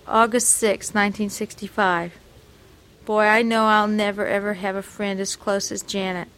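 A woman's voice: medium pitch, flat delivery, moderate pace, a bit bright, a little hiss or hum. A woman reading aloud from a personal diary in an earnest, confessional, reflective way.

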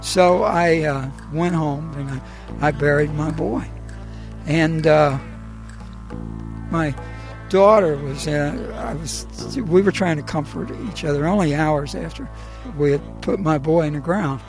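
Gravelly middle-aged man telling his story. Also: fairly high pitch, music in the background. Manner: halting and emotional, with pauses and fillers. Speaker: storyteller recounting his own life. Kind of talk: personal storytelling.

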